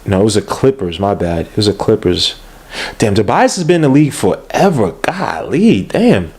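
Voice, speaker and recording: A loose, animated man, chatting casually on a sports podcast. His speech swings between excited outbursts and muttered asides as he checks things on the fly. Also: on the low side, moderate pace, slightly rough. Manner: loose and animated, swears, looks things up on air. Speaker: podcast host.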